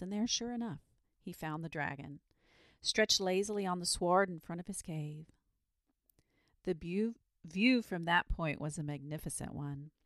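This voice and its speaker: A woman reading a children's story aloud in a slow, soothing bedtime style. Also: fairly low pitch, no room sound.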